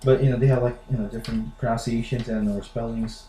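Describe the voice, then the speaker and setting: A man's voice: medium pitch, little pitch movement, fast, dark tone, a little hiss or hum. An American man chatting casually to the camera, rambling with lots of fillers. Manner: rambling, with lots of "like" and "you know". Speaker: vlogger. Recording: echoey room.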